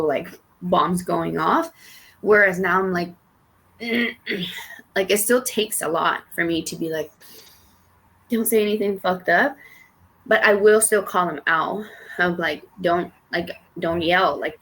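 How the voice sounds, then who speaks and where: Young woman on a podcast, kinda low voice, rambly, swears casually, tons of likes and ums. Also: fairly bright tone. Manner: rambling, many fillers and restarts, swears casually. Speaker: podcast co-host. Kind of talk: casual personal chat.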